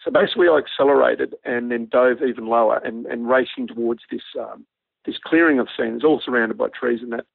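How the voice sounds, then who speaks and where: A man with an Australian accent, a former army pilot, telling a lively anecdote and acting out the dialogue. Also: medium pitch, fairly quick, vocal fry, no room sound. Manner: animated yarn-spinning, acts out quoted dialogue. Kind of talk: storytelling anecdote on radio. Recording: narrow phone-like radio line, dry.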